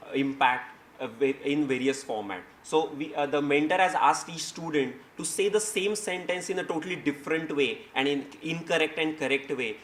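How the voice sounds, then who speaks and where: Guy presenting at a seminar, plain mid voice, stops and restarts a lot, bit of faint hiss. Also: medium pitch. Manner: explanatory, with frequent restarts and fillers. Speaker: speaker presenting his company. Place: seminar hall.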